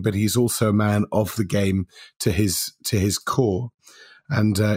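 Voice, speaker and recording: A man's voice: on the low side, a little mellow, dry recording, clean studio sound. A man co-hosting a casual podcast, rambling and hesitant, with frequent ums and restarts. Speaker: podcast co-host.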